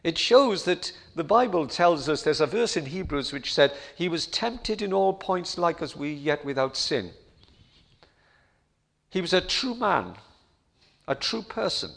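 A middle-aged male preacher with a high voice delivers a sermon at an unhurried pace. He speaks earnestly and builds to fervent appeals. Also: very animated, gravelly, a bit bright.

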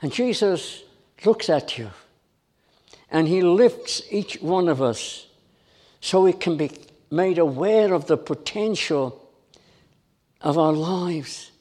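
A man's voice: on the high side, expressive, slow pace, long pauses, darkish tone. A middle-aged man preaching a sermon, full of emphatic, repeated rhetorical questions.

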